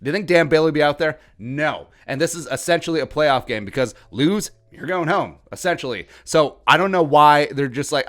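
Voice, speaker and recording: A man's voice: fairly high pitch, animated, fairly quick, few pauses, fairly bright tone. A young adult man hosting a sports commentary podcast, ranting in a heated, sarcastic way. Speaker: podcast host.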